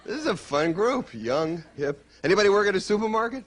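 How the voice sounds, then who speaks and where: Quick, teasing stand-up comedian, a man. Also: high voice, sing-song, background noise. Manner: quick, teasing banter with the crowd. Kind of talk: stand-up routine, then chat. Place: stage before a live audience.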